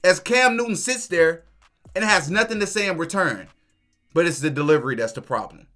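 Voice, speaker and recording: A commentary host with a high, sharp voice who reacts to clips by firing off indignant rhetorical questions. Faint music plays under his talk. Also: lively intonation, brisk.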